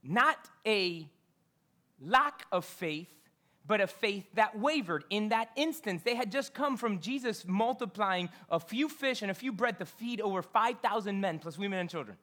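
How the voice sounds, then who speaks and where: In a church, a woman with a mid-range voice and lively intonation preaches a sermon to her congregation at normal speed. She keeps it conversational, poses questions to the listeners, and shifts between loud scripture reading and quiet asides.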